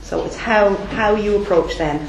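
A woman's voice: medium pitch, measured pace, slight background noise. Emphatic Irish woman trainer, roomy sound. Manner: lively, emphatic, frequent "okay?" checks. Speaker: debt collection trainer. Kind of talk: classroom training talk. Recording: roomy echo.

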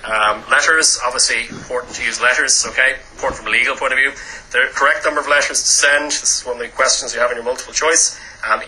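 A man giving a training lecture to a class. He talks loudly and briskly, checking in with "okay?" after nearly every point. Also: medium pitch, fairly even intonation, slight background noise, rough recording. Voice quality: loud voice. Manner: brisk, peppers lines with "okay?".

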